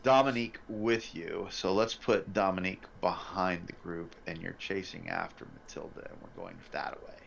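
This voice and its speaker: A game master narrating a tabletop horror game with steady scene-setting, on a slightly muffled line. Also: low voice, moderate pace, gravelly, few pauses, slight background noise.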